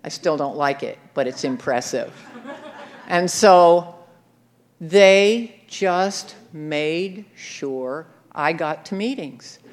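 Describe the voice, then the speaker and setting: A woman's voice: deep voice, expressive, drawn-out words. A woman telling a personal recovery story in a wry, self-mocking way, often breaking into laughter. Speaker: speaker sharing her recovery story.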